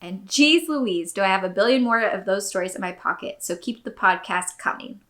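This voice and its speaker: A young woman hosting a podcast, reading a listener's story aloud and then telling her own, casual and animated, with plenty of swearing and acted-out quotes. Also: mid-range voice, moderate pace. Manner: animated, swearing, expressive quoting.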